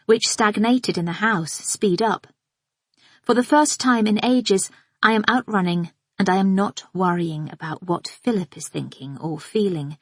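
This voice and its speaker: Speaking at a middle pitch, a female audiobook narrator reads a first-person psychological thriller in a measured, watchful, inward style. The sound is close and dry, with no room sound at all.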